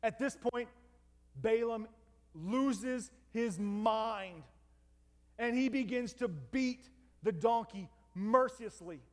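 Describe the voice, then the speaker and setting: Male preacher with a very high voice, animated storytelling sermon, long hall reverb. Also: slow. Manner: lively, dramatic retelling with asides to listeners.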